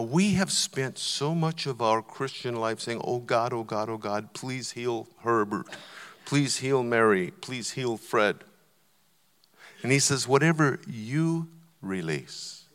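A man preaching a sermon, telling stories and building to loud, emphatic points. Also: fairly low pitch, clear, resonant tone. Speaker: visiting preacher. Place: church auditorium. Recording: long church hall reverb.

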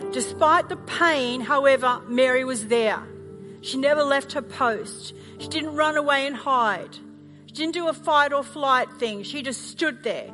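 A middle-aged Australian woman pastor preaching a sermon, telling animated stories with self-mocking humor. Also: high voice. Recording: music playing underneath.

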